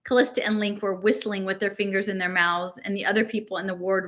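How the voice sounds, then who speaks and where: A woman reads a novel aloud in a bright, clear voice. She keeps a casual, conversational pace and slows right down to spell out long strings of numbers. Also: medium pitch, steady tone. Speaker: reader.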